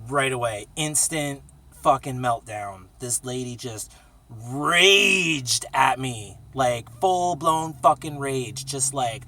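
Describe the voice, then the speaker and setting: A man's voice: medium pitch, slow pace, pushed and bright, dry recording, far from the mic. A man telling casual, profane stories in a rambling vlog from a small cramped space. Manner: profane, laid-back storytelling with sung jingle. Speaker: vlogger.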